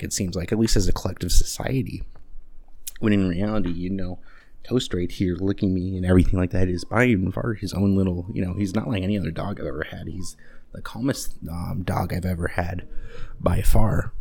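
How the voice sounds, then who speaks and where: A man with a creaky, warm, slightly breathy voice rambles through a casual podcast monologue at home, full of fillers and restarts. The handheld mic gives uneven audio, and he switches to a high, cooing baby voice when talking to his dog.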